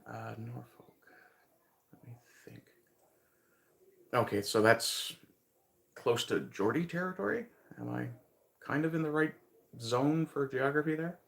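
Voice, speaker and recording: His voice is fairly low, creaky, and fairly bright. He's a livestream host from Newfoundland, Canada, with a light accent, chatting informally with viewers and chuckling as his thoughts ramble on.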